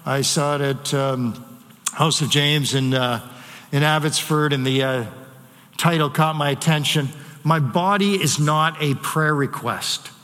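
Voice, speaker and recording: A pastor preaches in a reverberant hall, his tone forceful and slightly high. He keeps it conversational, tossing rhetorical questions out to the congregation. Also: steady tone, measured pace. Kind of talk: sermon. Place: church sanctuary.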